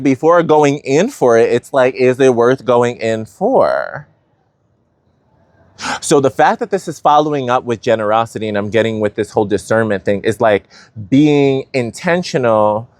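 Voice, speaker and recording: Man, tarot reader, casual spiritual reading, animated, playful, rambling with fillers, medium-pitched voice. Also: no room sound.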